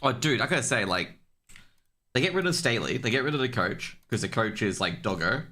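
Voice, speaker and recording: A young man streaming, chatting casually in a loose, profane, rambling way full of fillers and restarts, getting louder as he rants. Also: medium pitch, animated, fairly quick. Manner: gets worked up and louder when ranting.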